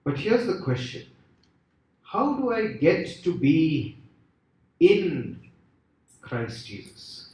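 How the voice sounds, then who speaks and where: A man preaching a sermon with an expressive, rising and falling delivery and many rhetorical questions. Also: fairly high pitch, extremely slow, long pauses. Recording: echoey hall from far off.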